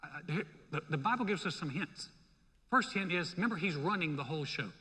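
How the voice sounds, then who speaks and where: A male pastor preaching a sermon in a church, in a lively, conversational way. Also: on the high side, brisk, husky. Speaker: senior pastor. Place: church sanctuary. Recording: long reverb in a hall.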